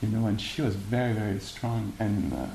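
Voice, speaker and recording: A man giving a meditation talk and answering questions, speaking haltingly with many fillers and restarts. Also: lowish voice, vocal fry. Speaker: meditation teacher. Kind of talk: dharma talk and Q&A. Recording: echoey room with faint hiss.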